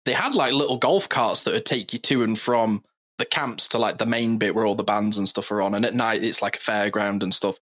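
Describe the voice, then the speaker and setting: A man's voice: fairly low pitch, brisk, a bit bright. A man co-hosting a podcast, chatting casually with a playful, joking manner. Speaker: podcast co-host. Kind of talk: casual chat.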